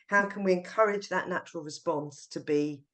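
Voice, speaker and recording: A middle-aged woman, a teacher trainer, being interviewed on a podcast and telling classroom stories in a lively way. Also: lowish voice, normal speed. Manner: lively storyteller acting out classroom voices.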